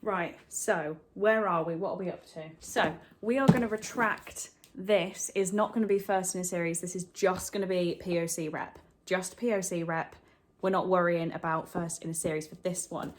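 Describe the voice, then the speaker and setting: A woman's voice: lowish voice, steady tone, slight background noise. Chatty young woman vlogging. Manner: chatty and candid, with quick rambling asides. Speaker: book vlogger. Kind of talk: casual vlog chat. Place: at home, partly from bed.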